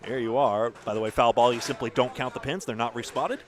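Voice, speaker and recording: A man with a New England accent giving chatty, animated live play-by-play of a bowling match in a bowling alley. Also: mid-range voice, brisk. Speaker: bowling commentator. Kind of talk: live sports commentary. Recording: crowd noise behind.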